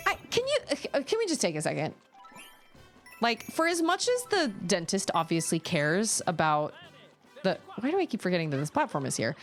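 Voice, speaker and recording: Woman game streamer, lively swooping pitch, chatty and exclamatory, faint game music underneath. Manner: chatty, animated, quick to exclaim. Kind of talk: live-stream gaming commentary.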